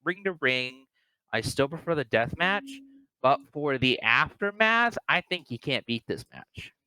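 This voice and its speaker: A man co-hosting a casual wrestling review, talking excitedly and acting out wrestlers' lines. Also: mid-range voice, measured pace, smooth, dry recording, rough recording. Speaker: podcast co-host.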